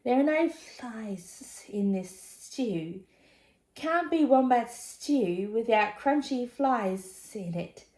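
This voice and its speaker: An old blue-tongue lizard played by a woman hisses his words out slowly and lazily. The room around him is echoey. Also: fairly high pitch, expressive, darkish tone. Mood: hissing. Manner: slow and hissing.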